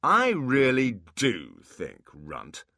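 A man's voice: mid-range voice, wildly swooping pitch, very slow, bright, forceful tone, no echo, studio quality, voice pushed up, heavily acted. A man playing a jeering armoured demon boss. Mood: taunting. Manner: taunting, jeering. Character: mocking bullying male demon leader, armoured.

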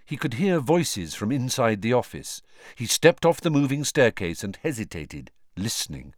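Male audiobook reader, lively intonation, close dry sound. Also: mid-range voice, moderate pace, dry recording. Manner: expressive reading. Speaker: audiobook narrator. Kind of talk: scripted storybook narration.

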